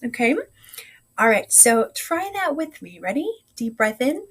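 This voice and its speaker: Woman, music teacher, encouraging, slightly scratchy voice, fairly high pitch, vocal warm-up lesson. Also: sing-song, a little slow, slightly rough. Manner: encouraging, gentle coaching. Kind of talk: guiding vocal warm-ups.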